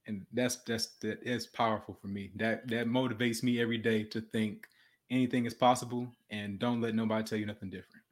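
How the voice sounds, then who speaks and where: A man's voice: on the low side, little pitch movement, brisk. A young man telling a story in casual talk, earnest and often restarting and repeating words, and he says he has a stutter. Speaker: podcast guest.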